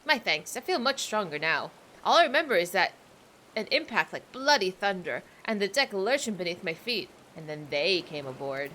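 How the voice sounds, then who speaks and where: A woman's voice: medium pitch, big pitch swings, moderate pace, pushed and bright, a little hiss or hum. A woman voicing a wounded male sailor, reading his game lines in a pained tone.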